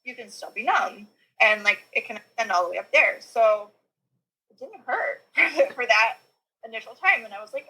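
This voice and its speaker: A woman's voice: on the high side, animated, moderate pace, sharp tone, husky, poor audio. A young woman guest on a podcast telling her own birth story, rambling with lots of filler words and small nervous laughs. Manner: rambling, heavy use of "like" and "you know", nervous little laughs. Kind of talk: personal birth story in conversation.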